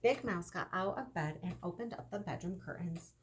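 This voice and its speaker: A young adult woman, a kindergarten teacher, reading a children's story aloud in a gentle, expressive way that speaks to young listeners. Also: on the low side, moderate pace, slight background noise.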